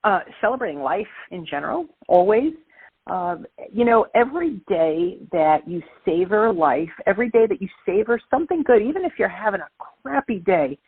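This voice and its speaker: With a mid-range, breathy-edged voice and a Brooklyn accent, a woman from Brooklyn, New York phones into an interview as a guest. She speaks emphatically and motivationally, and the recording is a dry, tinny phone line.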